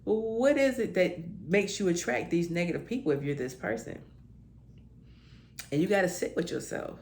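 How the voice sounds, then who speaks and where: A woman's voice: medium pitch, expressive, normal speed, a little mellow, slight background noise. A woman with talk giving heartfelt spiritual encouragement to listeners, calling them honey and baby. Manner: emotional, tearing up with joy. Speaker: spiritual self-help podcaster.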